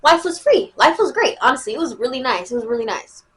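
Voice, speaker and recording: Talking fast in a high-pitched voice, this teen storyteller vlogger recounts events with lots of slang and energy. She says things more than once and performs other people's lines as she quotes them.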